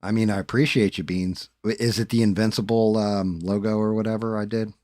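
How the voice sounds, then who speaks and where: A man's voice: on the low side, level tone, a little fast, darkish tone, no room sound, clean studio sound. A man hosting a live stream, telling stories casually and swearing freely. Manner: laid-back storytelling with swearing.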